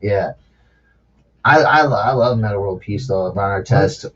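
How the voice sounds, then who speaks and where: On a dull, lo-fi recording, a man hosting a laid-back podcast talks in a lowish, unhurried voice. He's loose and profane, breaking into laughter frequently.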